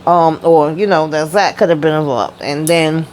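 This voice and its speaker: A young woman with a slightly low voice talks through a TV episode in a loose, chatty recap. Her storytelling is slangy and peppered with mild cursing. A faint hiss of noise sits behind her voice. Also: fairly even intonation, moderate pace, a little mellow, low-quality recording. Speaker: TV show reviewer. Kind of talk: casual recap chat.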